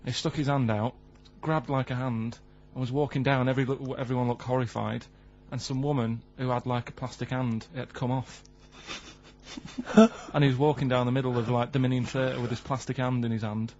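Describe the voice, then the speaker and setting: A man with a Mancunian accent, speaking at a middling pitch in a flat, deadpan manner. His questions come out literal and unhurried. The sound is a little dull and lo-fi. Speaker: radio show regular. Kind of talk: casual radio banter. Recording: slightly dull lo-fi radio recording.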